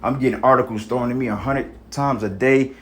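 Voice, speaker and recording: A man's voice: mid-range voice, fairly even intonation, a little fast. A man giving an informal sermon to his brothers, exhorting in casual street talk with frequent profanity and repeated "you know what I'm saying". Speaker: preacher.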